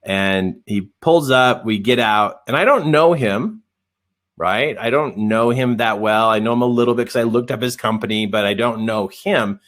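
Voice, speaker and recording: A man coaching in a live webinar, telling a story in an animated, self-deprecating way and acting out the dialogue. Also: lowish voice, moderate pace.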